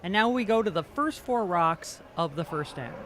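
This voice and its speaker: Lively high-voiced male curling commentator. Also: moderate pace, crowd noise. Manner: joking, self-deprecating, stumbles over names. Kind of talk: amateur sports commentary. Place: curling rink.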